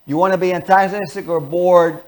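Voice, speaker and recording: A man hosting a talk show, giving an earnest, animated motivational lecture and acting out examples. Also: sits high, fairly quick. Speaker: host and lecturer.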